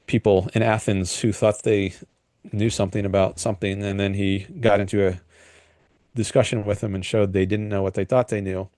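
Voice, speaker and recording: A man hosting a solo livestream, talking through political ideas in a thoughtful, hesitant way with frequent pauses and restarts. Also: on the low side, a little mellow, dry recording, clean studio sound. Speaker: livestream host. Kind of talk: casual solo commentary.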